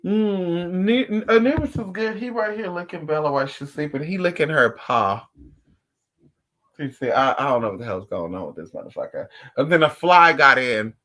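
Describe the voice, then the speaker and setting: During a casual livestream, a male vlogger tells stories to his viewers, animated and profane, with playful asides. His pitch is fairly high and his pace moderate.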